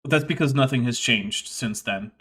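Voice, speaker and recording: A man's voice: medium pitch, normal speed, fairly bright tone, husky. Chatty sardonic male streamer. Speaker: streamer and host. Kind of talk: casual live-stream commentary.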